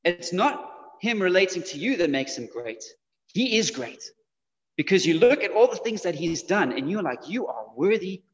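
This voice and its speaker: A man's voice: sits high, sing-song, normal speed. A man preaching a sermon in a conversational way, speaking directly to his congregation. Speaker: pastor. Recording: dull lo-fi sound with long hall reverb.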